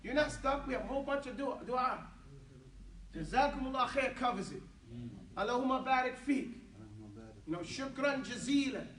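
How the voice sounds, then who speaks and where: Rich: A playful man leads an Arabic class, cracking jokes as he drills phrases with the students. His voice sits high, and the room answers with a roomy echo. He is heard from some distance. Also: quick pace, pauses often, a bit bright. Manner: playful, joking, switching between English and Arabic. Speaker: Arabic teacher. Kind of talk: lively classroom teaching.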